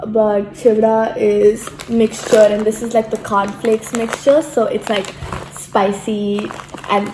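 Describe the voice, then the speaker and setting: A woman's voice: mid-range voice, steady tone, slow pace, background noise. A young woman from India, chatting casually through an unboxing with lots of "like" fillers, sitting at a table at home. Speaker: vlogger. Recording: echoey room.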